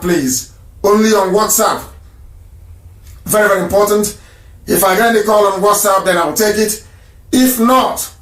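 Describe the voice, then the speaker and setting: A man's voice: high-pitched, a bit bright, echoey room. A man hosting a live radio broadcast and taking calls, speaking emphatically and repeating phrases for stress.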